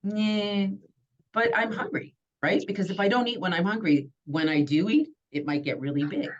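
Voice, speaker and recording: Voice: medium pitch, animated, a little fast, lo-fi sound. A healthcare provider giving a conversational webinar talk, often checking in with "right?" and "you know?". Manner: chatty, keeps asking "right?" and "you know?". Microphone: computer mic on a video call.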